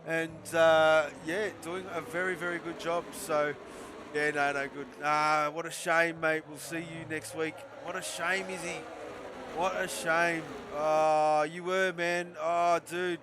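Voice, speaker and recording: Man, young, high voice, excitable chatty race caller, laughs a lot, noisy game audio behind. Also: slow pace. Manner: excitable, chatty, laughs often, talks to chat. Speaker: esports race commentator. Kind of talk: live race commentary.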